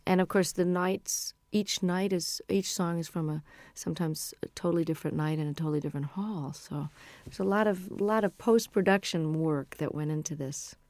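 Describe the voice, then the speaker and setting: A woman's voice: on the low side, normal speed, a little mellow, no echo. A middle-aged woman musician being interviewed, talking in a chatty, rambling, frank way. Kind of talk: casual interview chat.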